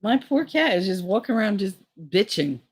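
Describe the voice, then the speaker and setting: A woman's voice: medium pitch, sing-song, normal speed, husky. A middle-aged woman streaming a casual chat, rambling through crude stories with lots of swearing.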